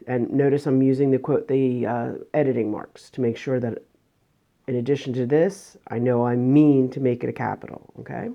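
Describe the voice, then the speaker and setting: A woman teacher calmly walking students through a grammar review step by step in a remote lesson. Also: a bass voice, muffled recording. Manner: patient, step-by-step explaining.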